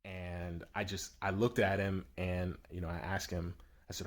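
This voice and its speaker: A man's voice: deep voice, level tone, moderate pace. A man, a yacht broker, telling a personal anecdote in a rambling, self-amused way with frequent restarts.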